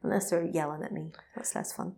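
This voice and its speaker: A woman, co-hosting a casual chat. She tells a film's plot in an animated way, swears freely and acts out the characters' lines. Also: deep voice, brisk, gravelly. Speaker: podcast co-host. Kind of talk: casual film recap chat.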